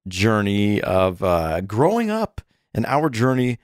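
A man's voice: lowish voice, huge pitch swings, slow, no room sound, studio quality. A man in his thirties co-hosting a podcast in casual chat with his wife, teasing and playful. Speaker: podcast co-host. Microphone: studio mic with headphones.

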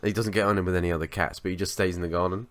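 A man co-hosting a podcast, telling a story in a sweary, animated way in casual chat. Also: low voice, rapid-fire. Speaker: podcast co-host.

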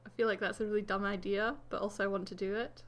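A woman giving excitable, giggly let's play commentary as the channel host. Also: medium pitch, fast talker. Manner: excitable, exclaiming and giggling at the game.

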